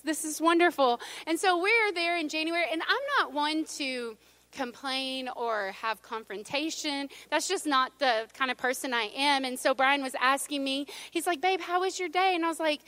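A woman's voice: sits high, normal speed, pushed and bright, dry recording. A middle-aged woman pastor, preaching a sermon in a chatty, storytelling way with playful asides to the congregation.

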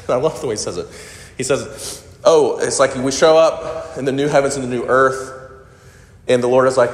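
Male pastor mid-sermon, conversational and playful, medium pitch, recorded in a reverberant hall. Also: normal speed. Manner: animated, conversational, with quips and laughs. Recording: echoey hall with long reverb.

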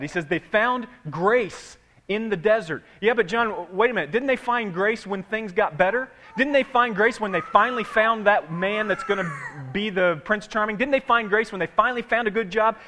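A man preaching a sermon in a conversational way, swinging from loud repeated words down to hushed asides. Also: a little high. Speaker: pastor. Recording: long hall reverb.

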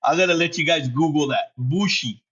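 A man's voice: a little high, normal speed, a bit bright. A man hosting a casual solo podcast. He laughs often, swears freely and drops Spanish words into his English. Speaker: podcast host. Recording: dull lo-fi sound.

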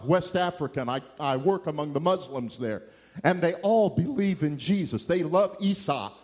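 Middle-aged male evangelist, high voice, impassioned sermon delivery with emphatic climaxes. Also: a little mellow. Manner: impassioned, rising to emphatic peaks. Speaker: preacher.

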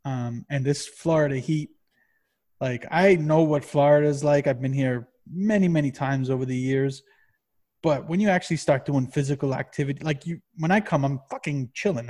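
A man co-hosting a podcast in casual chat, rambling and swearing constantly in an animated way. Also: fairly high pitch. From Massachusetts. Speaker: podcast co-host.

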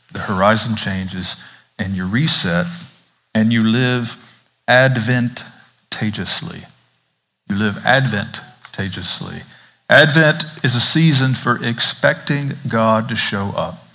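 A man's voice: lowish voice, slow pace, bright, forceful tone. A man from the American South with a Southern accent, a pastor preaching an Advent sermon in a conversational way, asking the congregation questions.

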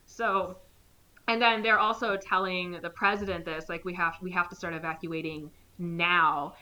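A woman's voice: fairly low pitch, steady tone, normal speed, pushed and bright. A young woman casually recapping a movie plot, rambling with lots of "like" and acting out the characters' lines.

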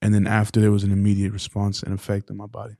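Young male podcast co-host, low and mellow, loose rambling testimony, dry recording. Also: monotone, rapid-fire, vocal fry, dry recording. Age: 20s. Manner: rambling, full of "like". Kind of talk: casual testimony.

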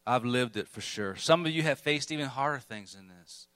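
A man preaching a sermon tells of his own struggles candidly, in self-deprecating stories punctuated by bursts of emphasis. His mid-range voice is clear, resonant, fairly bright, and lively at a normal speed, in a dry recording.

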